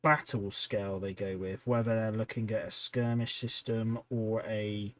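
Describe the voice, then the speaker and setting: At a measured pace and in a lowish voice, a man livestreams his hobby of painting miniatures at home. Between tasks he rambles casually to the people in his chat.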